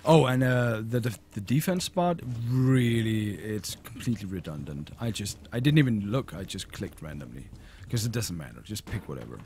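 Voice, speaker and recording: Brief: relaxed gamer commentator, low voice, lively pitch, loose rambling talk. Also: male voice, normal speed, hardly any pauses, a little hiss or hum. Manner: laid-back, rambling, with fillers. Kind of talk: casual gameplay commentary.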